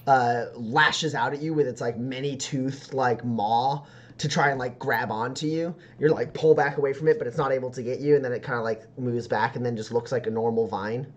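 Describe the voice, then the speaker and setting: A man's voice: medium pitch, steady tone, brisk, muffled recording. A man narrating a tabletop game as game master, describing scenes in a rambling way with many fillers.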